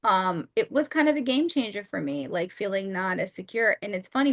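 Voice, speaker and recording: A woman co-hosts a talk podcast with a bright, clear tone. She speaks candidly and casually and laughs easily. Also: medium pitch, animated, brisk, few pauses. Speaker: podcast co-host. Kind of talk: casual chat.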